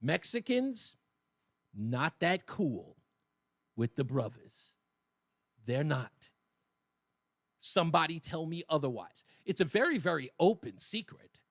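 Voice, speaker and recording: Male talk radio host, high lively voice, dry studio sound, colloquial and mocking. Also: takes it slowly, pauses often, no room sound. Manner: animated, colloquial, mocking asides. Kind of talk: opinion talk radio monologue. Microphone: studio microphone.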